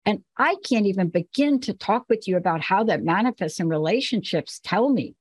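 A woman's voice: mid-range voice, lively intonation, moderate pace, a little mellow, breathy edge, dry recording. A woman from the Bronx, hosting a show and telling candid personal stories with emphasis. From the Bronx, New York. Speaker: host. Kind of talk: casual talk-show conversation.

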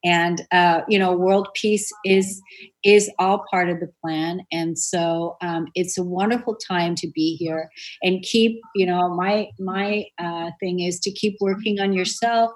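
Woman host, low-ish voice, earnest and flowing, spiritual talk show. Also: steady tone, unhurried, rough recording. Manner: earnest, flowing, many fillers and restarts. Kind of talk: spiritual conversation.

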